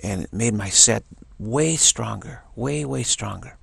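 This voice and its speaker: A man's voice: lowish voice, expressive, measured pace, vocal fry, fairly bright tone, husky, no room sound. A man telling a rambling, enthusiastic story in a casual monologue, often restarting his sentences.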